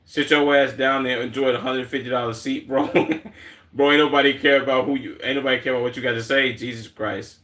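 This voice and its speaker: A man's voice: medium pitch, steady tone, fast talker, a bit bright. A man with a Chicago accent streaming and reacting to clips in blunt, slangy, heavily profane casual talk.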